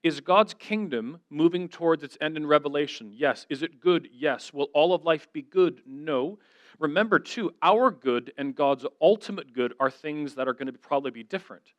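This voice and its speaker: A man's voice: on the high side, animated, moderate pace, dry recording. A middle-aged man giving an earnest, conversational sermon as a guest speaker, telling stories and voicing the people he quotes.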